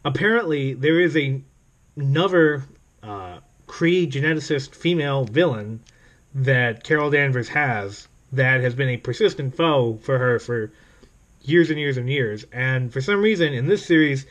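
A man's voice: medium pitch, expressive, measured pace, a bit bright. Rambling sarcastic male comic reviewer. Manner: rambling, sarcastic, full of fillers and laughs. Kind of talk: casual video commentary.

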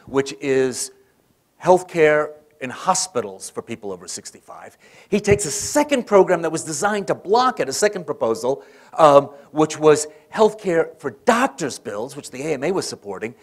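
A man's voice: on the high side, very animated, moderate pace. A man giving a conference lecture, telling political stories and acting out the quoted voices. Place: conference hall.

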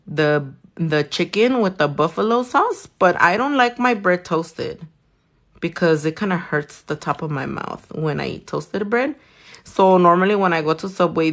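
A young woman chats casually as she works on nails and tells a story about her day. She talks in a loose, profane, animated way. Her voice sits a little low and has a gravelly fry running through it. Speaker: nail artist vlogger. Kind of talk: casual storytime chat while doing nails.

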